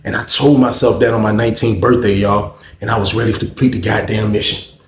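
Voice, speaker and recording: A man's voice: lowish voice, quick pace, crowd noise. A man telling a story in casual talk, swearing constantly and acting out what other people said. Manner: animated, acts out the other people's lines. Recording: echoey room.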